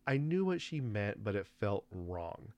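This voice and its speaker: A man hosting a podcast alone, telling a rambling story in a casual, animated way and acting out the dialogue. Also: lowish voice, measured pace, no echo, highs cut off. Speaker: podcast host.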